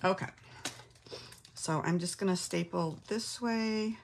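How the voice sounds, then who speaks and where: A woman's voice: fairly low pitch, takes it slowly, vocal fry, noisy background. A middle-aged woman hosting a casual craft tutorial from her home craft room, chatting and thinking aloud as she works. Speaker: craft class host.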